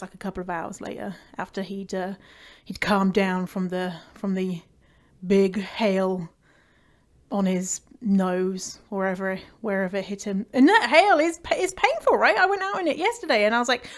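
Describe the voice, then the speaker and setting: A woman's voice: medium pitch, normal speed. A woman hosting her own podcast, talking in a chatty, playful and upbeat way from home, with lots of fillers. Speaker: podcast host. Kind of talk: casual podcast monologue. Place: at home indoors.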